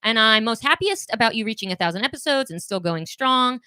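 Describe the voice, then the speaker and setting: A woman's voice: fairly high pitch, expressive, brisk, bright, forceful tone, clear, resonant tone, dry recording. A woman co-hosting a podcast, chatting casually and reading listener comments aloud with wry, giggly asides. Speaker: podcast co-host.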